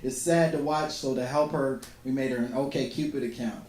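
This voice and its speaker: A man's voice: mid-range voice, steady tone, normal speed, darkish tone, slight background noise. A man doing stand-up comedy, talking in a conversational, self-deprecating way. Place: comedy club on stage. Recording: echoey club with crowd laughter.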